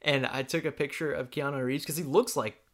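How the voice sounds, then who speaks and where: Easygoing rambling man, mid-pitched voice. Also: steady tone, brisk. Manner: easygoing, rambling, laughs often. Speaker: podcast co-host. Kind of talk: casual chat about games.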